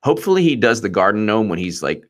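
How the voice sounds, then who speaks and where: A man's voice: fairly low pitch, very animated, quick pace. A man hosting a live-streamed political commentary show, rambling and mocking as he laughs often.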